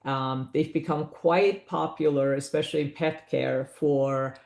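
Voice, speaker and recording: Gravelly low-voiced woman presenting a webinar. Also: steady tone, measured pace, a little mellow, roomy sound. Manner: explanatory, conversational with asides. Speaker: business valuation presenter.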